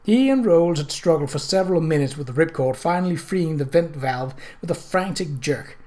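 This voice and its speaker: A man's voice: fairly high pitch, moderate pace. A man narrating a mystery novel chapter as an audiobook reader, voicing the characters himself. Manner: steady storytelling, puts on voices for characters.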